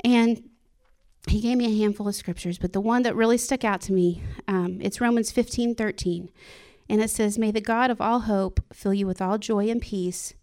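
An earnest woman gives an informal sermon to her church, talking personally and openly. She laughs often, breaks off and restarts her sentences, and her voice sits at an ordinary middle pitch. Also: fairly even intonation, moderate pace, darkish tone. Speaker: church speaker sharing a devotional.

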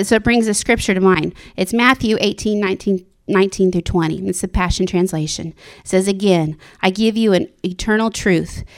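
Woman preaching a sermon, gets really fired up and goes high, whispers the inner-thought bits. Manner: impassioned, rising to high excited exclamations.

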